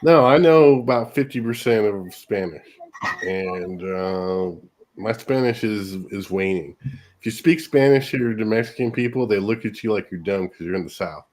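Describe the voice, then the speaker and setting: A man's voice: lowish voice, moderate pace, darkish tone. A man from California hosting a radio show, chatting casually and enthusiastically and laughing easily. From California, USA.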